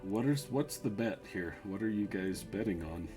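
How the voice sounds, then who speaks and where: Low-key tabletop tavern patron, male, quiet and amused; a man doing the voice. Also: animated, normal speed, over music, natural voice. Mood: curious. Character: easygoing male tavern patron who likes a wager.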